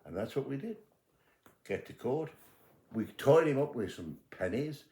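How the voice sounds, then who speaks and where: A man's voice: medium pitch, very animated, a little slow, dark tone. An older British man with an English accent, a retired detective telling his own case as spoken true-crime storytelling, acting out both sides of remembered conversations. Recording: roomy echo.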